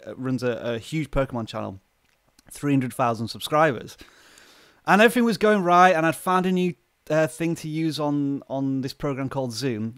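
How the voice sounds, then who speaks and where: A man's voice: on the high side, fairly bright tone, no room sound. A man from the UK hosting a casual live stream, chatting and greeting viewers by name at a close microphone. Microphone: close desk microphone.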